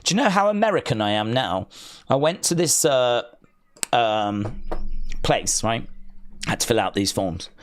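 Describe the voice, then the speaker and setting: A man's voice: mid-range voice, animated, a little slow, long pauses. An English man with an English accent, hosting a wrestling watch-along live stream and chatting casually in a rambling, joking way. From England.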